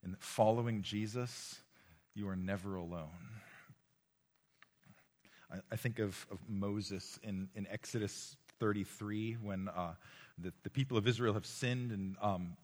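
A man delivering a sermon to a room of young people, his low-pitched voice swinging between loud, urgent exhortation and quiet, hushed lines. He often repeats words and restarts phrases as he speaks. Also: steady tone, measured pace. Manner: impassioned, rising and falling between loud exhortation and hushed tones. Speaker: preacher. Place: room with a live audience.

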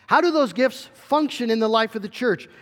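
A man's voice: very high-pitched, expressive, moderate pace, long reverb tail. A middle-aged male pastor preaching a sermon in an earnest way, with fillers and restarts.

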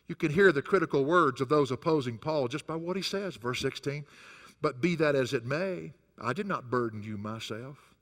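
A man's voice: medium pitch, expressive, normal speed, a bit bright, in a large hall. A male pastor preaching a sermon who swings his voice up and down hard for emphasis. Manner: rises and falls sharply for emphasis, chuckles between points.

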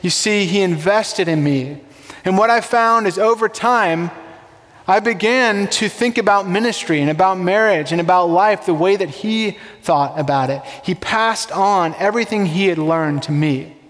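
The big-room sound surrounds a male pastor whose high, fairly bright voice moves at a moderate pace. He delivers his sermon conversationally, regularly putting rhetorical questions to the congregation.

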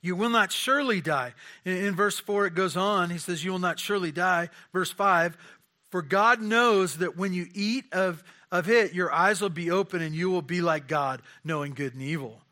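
A man's voice: high-pitched, moderate pace, bright, forceful tone. A man preaching a conversational sermon, asking rhetorical questions and often repeating his words.

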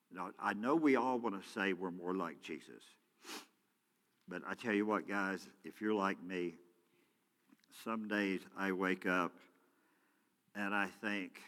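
Man preaching, bright forceful voice, long church reverb, loud then hushed. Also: deep voice, takes it slowly, pauses often. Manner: swings from loud shouting to quiet prayer. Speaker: pastor. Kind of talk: sermon. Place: church sanctuary.

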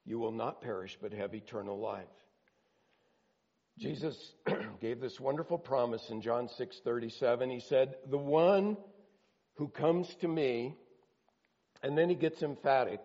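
A man's voice: medium pitch, mellow, big-room sound, highs cut off. A man preaching a sermon as a pastor, earnest and emphatic, his intensity rising and falling.

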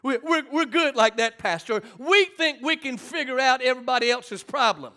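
Middle-aged male preacher, high and bright, storytelling sermon with call-and-response. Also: expressive, moderate pace. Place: church sanctuary.

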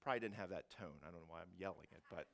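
A male pastor preaching a sermon, swinging from loud emphasis to hushed asides, often restarting his phrases. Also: low voice, very fast, creaky. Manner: animated, shifting from loud to hushed, frequent restarts.

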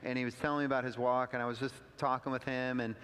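A man preaching a sermon as pastor, telling a story conversationally with asides and rising pitch for emphasis. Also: little pitch movement, fast, a bit bright, clean tone. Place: church sanctuary. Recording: long hall reverb.

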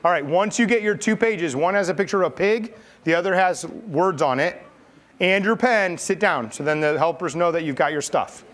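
A man's voice: high voice, normal speed, fairly bright tone. A man telling a Bible story to children in a playful, chatty way, directing kid volunteers. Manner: playful, chatty, coaxing kids. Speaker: pastor leading a children's message.

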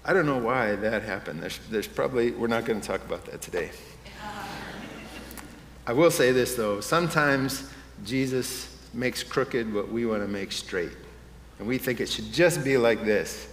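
A man's voice: mid-range voice, normal speed, a bit bright, slight background noise. Male pastor preaching in an echoey hall. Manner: conversational preaching that rises to impassioned emphasis. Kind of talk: sermon. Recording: echoey hall with faint room ambience.

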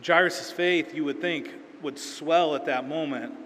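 A man delivers a sermon in a casual, story-driven way, slipping into quoted voices as he goes. His voice sits slightly high for a man. It is recorded in a reverberant hall with a faint murmur of room ambience behind it. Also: measured pace, fairly bright tone, slight background noise. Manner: conversational storytelling with acted-out quotes. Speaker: pastor.

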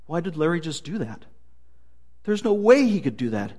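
A man's voice: sits high, normal speed, heavily acted. A man voicing an incredulous, chatty pig herder in a retold story. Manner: chatty, excited disbelief.

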